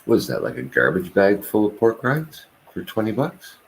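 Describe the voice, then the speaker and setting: A man's voice: fairly low pitch, wildly swooping pitch, moderate pace. A man vlogging on the road, joking in casual chat with a companion. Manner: joking, wry banter.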